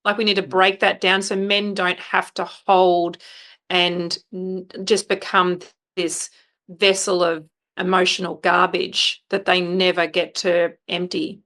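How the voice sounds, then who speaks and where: A woman's voice: fairly low pitch, flat delivery, unhurried, fairly bright tone. A woman hosting a podcast, speaking frankly and assertively, with some fillers. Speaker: podcast host. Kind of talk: conversational interview.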